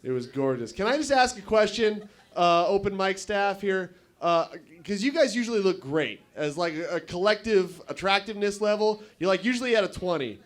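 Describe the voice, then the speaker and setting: A man's voice: sits high, animated, moderate pace, hardly any pauses. A young man doing stand-up at an open mic in a bar, crude and rambling as he banters with the crowd. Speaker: stand-up comedian.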